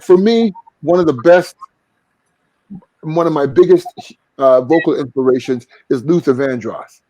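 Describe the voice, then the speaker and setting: A man's voice: on the high side, warm tone, no echo, poor audio. A man, a singer and vocal coach, talking earnestly as a guest in an interview. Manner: earnest, reflective, sings short vocal examples. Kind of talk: casual interview talk.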